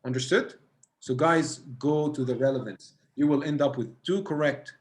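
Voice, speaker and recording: A man's voice: fairly high pitch, moderate pace. Egyptian man tutoring a live online class. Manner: encouraging, reads students' answers aloud. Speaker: SAT tutor.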